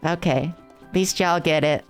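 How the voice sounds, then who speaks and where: Low, smooth-voiced playful woman streamer. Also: moderate pace, faint music behind. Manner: playful, rambling, chats with viewers. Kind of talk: casual live game-stream chat.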